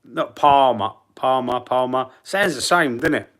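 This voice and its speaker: A man's voice: medium pitch, normal speed, fairly bright tone. Cockney bloke rambling on his live football stream, chatting to the comments. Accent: Cockney London. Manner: chatty, rambling, reads chat aloud. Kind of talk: casual live-stream chat.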